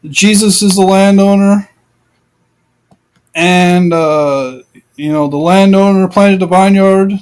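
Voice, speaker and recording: A man's voice: high-pitched, slow pace, long pauses, a little mellow, smooth, low-quality recording. A man giving informal, rambling commentary on scripture, repeating himself and piling up rhetorical questions. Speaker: Bible commentator.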